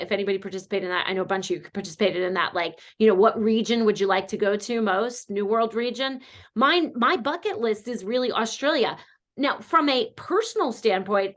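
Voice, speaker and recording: A woman from North Carolina hosts an online wine class, talking casually and warmly to her patrons. She rambles a little, full of fillers and asides. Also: medium pitch. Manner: chatty, animated, many fillers. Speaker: host. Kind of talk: casual chat.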